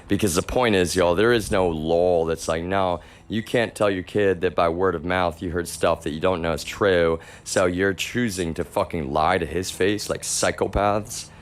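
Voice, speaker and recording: A man's voice: deep voice, fairly even intonation, normal speed, hardly any pauses. A man livestreaming an agitated, repetitive rant to his chat, swearing often and calling his listeners y'all. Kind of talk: ranting monologue to a live chat.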